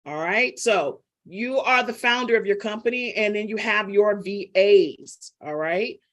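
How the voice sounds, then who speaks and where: A woman's voice: medium pitch, a little slow. A middle-aged woman business coach teaching a live online class, chatty and teasing as she calls on students by name.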